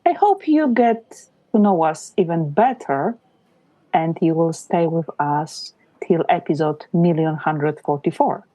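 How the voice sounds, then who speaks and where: Slow, dark-voiced woman podcast host. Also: low voice, dry recording, low-quality recording. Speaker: podcast co-host, business photographer. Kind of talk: casual podcast chat.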